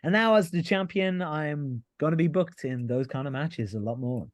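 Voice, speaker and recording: A man's voice: fairly high pitch, normal speed, no echo, studio quality. A man guest on a podcast, telling a long story in a rambling, casual way, with lots of filler words and casual swearing. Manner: rambling, frequent "like" and "you know", swears casually. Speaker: podcast guest, pro wrestler.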